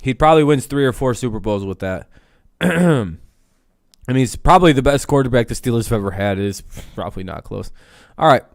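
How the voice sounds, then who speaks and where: A man's voice: medium pitch, lively intonation, moderate pace, gravelly, dry recording, clean studio sound. A man hosting a casual sports talk stream, blunt, profane and rambling. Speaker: host.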